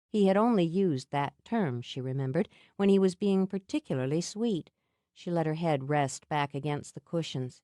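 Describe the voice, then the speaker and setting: Female audiobook narrator, low voice, measured, dry close recording. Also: animated, warm tone, no echo. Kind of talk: scripted narration.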